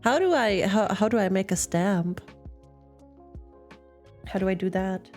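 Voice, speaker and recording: Woman, young, giggly, rambling casual chat, slow, faint music behind. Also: mid-range voice. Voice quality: giggly, laughs often. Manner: chatty, rambling, tells puns. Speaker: streamer. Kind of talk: casual chat while crafting.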